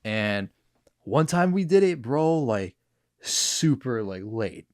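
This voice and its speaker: A young man from New Jersey hosting a podcast, telling a story in a slangy, excitable way. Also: mid-range voice, slow, no echo, studio quality. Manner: excitable, slangy, says dude and bro a lot. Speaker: podcast host.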